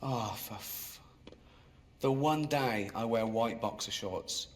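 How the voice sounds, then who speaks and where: A man doing stand-up in a dry, self-mocking way that jumps into high, exasperated squeals. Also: takes it slowly. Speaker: stand-up comedian. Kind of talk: stand-up routine. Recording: live comedy club with crowd laughter. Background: audience laughing.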